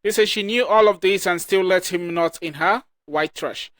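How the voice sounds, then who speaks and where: A man's voice: high voice, fairly bright tone, no echo, studio quality. A man hosting a reaction channel who reads viewer comments aloud, often stumbling and restarting lines. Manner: halting reading with restarts.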